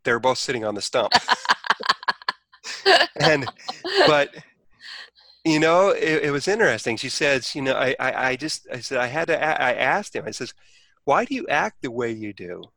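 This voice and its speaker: Man, bright voice, dry close sound, casual storytelling, restarts. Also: medium pitch, expressive, normal speed, creaky, long pauses, dry recording. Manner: rambling, many restarts, quotes others.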